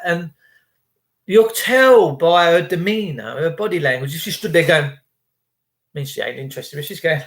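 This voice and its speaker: Speaking unhurriedly in an expressive, fairly high voice, a channel host rambles through a casual monologue full of opinions. He's chatty and slips into imitations when quoting others.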